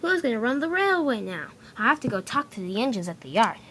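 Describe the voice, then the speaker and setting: A woman's voice: on the high side, very animated, fast talker, fairly bright tone, a little hiss or hum. An anxious, earnest young tank engine from a toy-train story, voiced by a woman. His voice rises and falls a great deal as he frets. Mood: worried.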